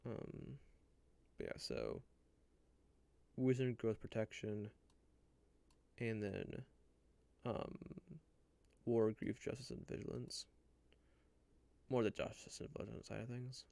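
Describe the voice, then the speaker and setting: Slow, gravelly man muttering to himself. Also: lowish voice, expressive, dark tone. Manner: halting, muttering to himself, many restarts. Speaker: streamer building a character. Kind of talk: musing aloud while looking things up.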